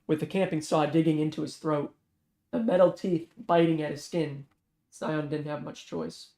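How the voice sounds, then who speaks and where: Casual novel reader, mid-pitched. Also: moderate pace, vocal fry, echoey room. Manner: steady narration with frequent self-corrections and restarts. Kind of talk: casual read-aloud of a thriller novel.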